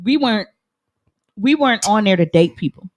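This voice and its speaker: A woman's voice: medium pitch, lively intonation, moderate pace. A woman co-hosting a podcast, telling a story in casual chat with frequent laughs. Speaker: podcast co-host.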